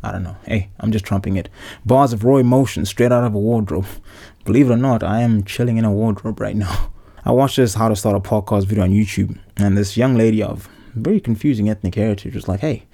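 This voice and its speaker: A man's voice: fairly low pitch, brisk, vocal fry, dark tone. A Zimbabwean man in his thirties hosting a podcast, telling profane, joking stories in a casual ranting monologue from inside a clothes-filled wardrobe. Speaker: podcast host.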